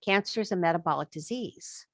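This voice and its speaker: A woman's voice: fairly low pitch, brisk, dry recording. A woman speaking as a guest expert in a podcast interview, emphatic and acting out what she thinks to herself. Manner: emphatic, acts out quoted thoughts. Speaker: guest expert on chronic illness.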